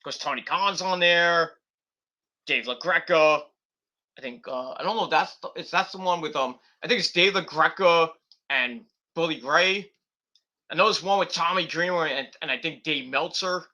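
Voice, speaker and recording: A man's voice: on the high side, moderate pace, sharp tone, highs cut off. A man giving a casual, rambling wrestling review monologue, full of fillers and restarts.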